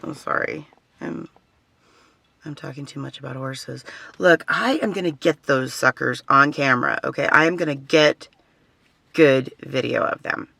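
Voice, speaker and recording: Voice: mid-range voice, unhurried, gravelly, bright, forceful tone. A vlogger talking casually to camera, rambling and chatty, often trailing off and starting sentences over. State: has facial tics. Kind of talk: casual personal vlog.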